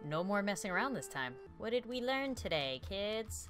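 A young adult woman hosting a let's play with excitable commentary, breaking into shrieks and laughter, on a desk mic at home. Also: mid-range voice, moderate pace, hardly any pauses, faint music behind. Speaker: gaming video host.

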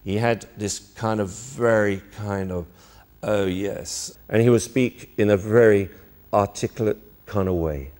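A man with a very low voice remembers someone in an interview. He pauses often and gropes for the right word. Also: a little mellow. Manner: searching for words. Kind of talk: reminiscing interview.

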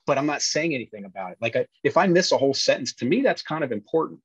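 A man with a breathy, husky voice talks through his acting experience in a relaxed interview. He rambles earnestly and restarts his sentences often. The audio is dull and muffled, with no room sound at all. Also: medium pitch, rapid-fire, dry recording. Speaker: actor and former police officer, podcast guest. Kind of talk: casual interview chat.

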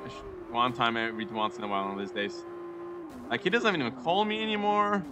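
A young man talks through a racing game in loose, jokey chatter, laughing easily and getting worked up at close calls. His voice sits at an ordinary middle pitch. Clear background noise runs under the whole recording. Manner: excitable, giggly, jokey running chatter. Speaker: gaming YouTuber. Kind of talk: casual gameplay commentary.

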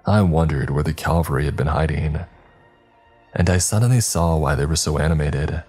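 A man narrating a horror story in a measured, dramatic storytelling manner. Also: very deep voice, darkish tone, husky, faint music behind.

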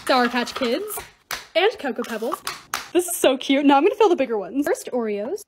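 A woman's voice: sits high, very animated, moderate pace, background noise. A young woman in her twenties, a lifestyle vlogger, chatting over clips of herself organizing, bubbly and self-deprecating. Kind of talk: voice-over narration of organizing videos.

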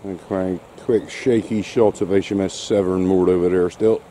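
A man's voice: deep voice, steady tone, moderate pace, mellow, slight background noise. Dry-witted man walking his dog. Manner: dry, wry remarks, often talking to his dog. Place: outdoors on a wet shore and woods.

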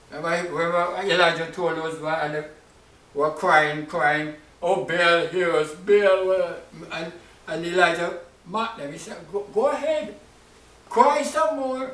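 A man's voice: on the high side, sharp tone. Man preacher, raised voice, informal Bible talk, miked from a distance in a reverberant room. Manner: conversational, repeats "right?" and "you know". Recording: echoey room, voice off-mic.

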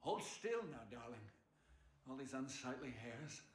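An actor playing a deranged male killer who talks to his victim like a tender groom, in a soft, coaxing, creepy manner. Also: medium pitch, sing-song, unhurried, slight background noise.

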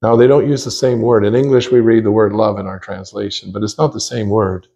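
A man preaching a sermon at a church conference, earnest and emphatic, slowing down to stress key phrases. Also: lowish voice, fairly even intonation, creaky, mellow, lo-fi sound. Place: church chapel.

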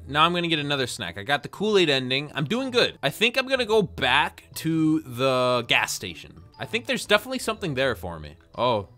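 A man's voice: a little high, pushed and bright. A young man giving playful, jokey let's-play commentary, talking to himself with sudden yelps. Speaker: gaming YouTuber.

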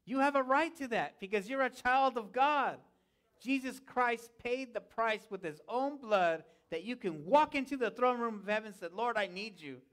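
High-voiced man preaching a sermon. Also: animated, moderate pace, fairly bright tone, clean tone. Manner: preaching with repeated calls of "Amen?" to the congregation. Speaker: pastor. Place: church sanctuary.

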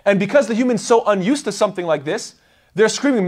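Fast and high-voiced, this Quran teacher delivers an explanatory religious lecture. He's animated throughout and performs the voices he quotes.

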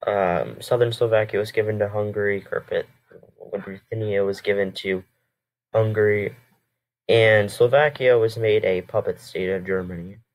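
Man with a lowish voice, casual reaction commentary, halting, full of ums and self-corrections. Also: fairly even intonation. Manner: hesitant, rambling with many fillers and self-corrections. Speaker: reaction video host.

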